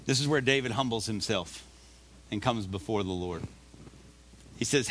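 A male pastor delivering a sermon, reading scripture slowly and urging listeners on with emphatic, repeated exhortations. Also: on the low side, fairly bright tone, slight background noise. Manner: reads scripture aloud slowly.

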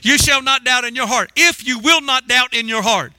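High, bright-voiced man preaching. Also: moderate pace, dry recording. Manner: emphatic, repetitive, call-and-response preaching. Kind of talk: sermon.

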